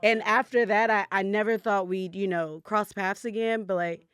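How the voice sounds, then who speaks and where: A woman's voice: medium pitch, normal speed. A woman in her thirties telling a story as a podcast guest, casually, acting out other people's voices as she goes. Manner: animated, acts out quoted voices.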